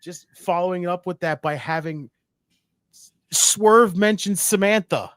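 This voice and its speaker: A man co-hosting a casual wrestling podcast, excitable and profane, repeating himself for emphasis. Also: high-pitched, unhurried, no echo. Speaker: podcast co-host.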